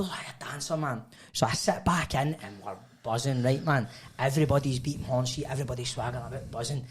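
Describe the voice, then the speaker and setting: A man's voice: mid-range voice, fast talker. Laughing Scottish man telling anecdotes. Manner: chatty, laughing, acts out voices in anecdotes. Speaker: podcast co-host. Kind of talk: casual pub-style chat.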